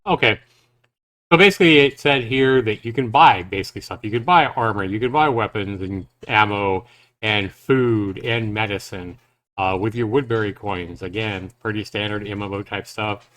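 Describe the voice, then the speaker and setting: A man's voice: lowish voice, normal speed, fairly bright tone. A man giving casual live reaction commentary on a game trailer, thinking aloud in a loose, rambling way.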